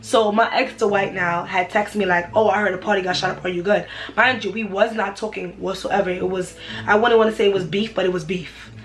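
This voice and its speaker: A woman's voice: mid-range voice, a little fast, faint music behind, low-quality recording. Young woman telling a storytime vlog. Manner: casual, animated retelling with repeated phrases. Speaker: vlogger.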